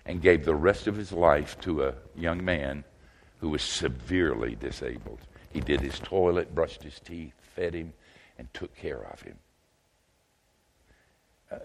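An older man preaching a sermon in a folksy, wry way, swinging from loud outbursts to hushed asides. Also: rumbling low, slight background noise.

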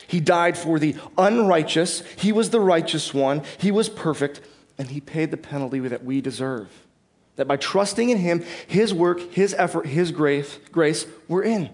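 A man preaching in a church with a slightly higher voice. His sermon is conversational: he explains the passage and puts questions to the congregation. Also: expressive, moderate pace, a little mellow. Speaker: pastor.

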